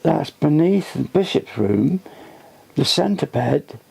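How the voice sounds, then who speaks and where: An older inn owner giving a rambling tour, tired and halting, often restarting his sentences. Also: a little high, animated, vocal fry, darkish tone, a little hiss or hum. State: tired, voice fading. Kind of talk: rambling casual talk. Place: old inn, indoors.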